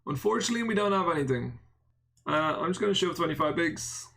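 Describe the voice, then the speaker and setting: A man's voice: on the high side, expressive, quick pace, gravelly, a bit bright. A man with an Irish accent giving casual live-stream poker commentary, bantering and answering chat with self-mocking jokes and the odd swear word. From Ireland.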